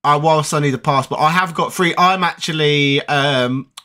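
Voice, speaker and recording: Bright-voiced chatty man. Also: a little high, moderate pace. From United Kingdom. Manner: chatty, rambling, with many fillers. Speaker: gaming channel host. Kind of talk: casual live chat answering viewer comments.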